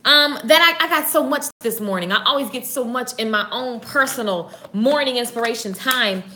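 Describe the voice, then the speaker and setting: A woman hosting a casual inspirational live stream, energetic and chatty, greeting viewers by name. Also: fairly high pitch, normal speed, slight background noise.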